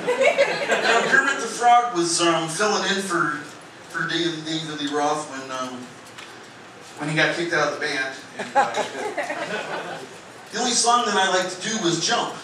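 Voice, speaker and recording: A man performing a stand-up comedy set in a club, telling stories in a rambling, halting way with many fillers. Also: a little high, animated. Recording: echoey club, distant mic, noisy.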